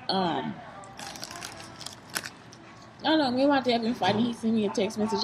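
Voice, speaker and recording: A woman's voice: medium pitch, animated, normal speed, long pauses. Woman vlogger, blunt and swearing, rambles, restaurant noise behind. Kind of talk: casual vlog talk. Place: fast-food restaurant. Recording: noisy restaurant background.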